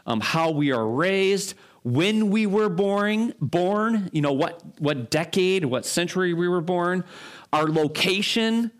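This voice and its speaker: Conversational pastor with a raised voice. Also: male voice, fairly high pitch. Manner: informal, frequent fillers and restarts, rhetorical check-ins. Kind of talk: conversational sermon.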